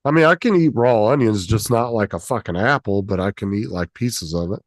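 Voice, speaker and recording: A man's voice: on the low side, a little fast, dry recording, clean studio sound. A man hosting a casual livestream chat, laid-back and profane, laughing often as he reads the chat. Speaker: streamer host.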